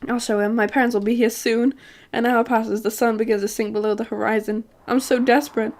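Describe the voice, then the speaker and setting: A woman's voice: on the high side, flat delivery, a little fast, darkish tone. A woman streamer narrating a dating game aloud, with joking, self-mocking asides.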